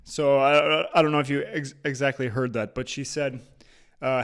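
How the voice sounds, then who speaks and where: A man's voice: medium pitch, fairly even intonation, normal speed, a bit bright, clear, resonant tone. A man giving casual, emphatic reaction commentary on a video clip, with restarts now and then.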